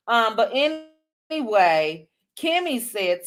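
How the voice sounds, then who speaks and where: A woman from the DC hosting a casual livestream, reading viewer comments aloud with quick chatty asides. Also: high voice, expressive, a bit bright. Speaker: livestream host.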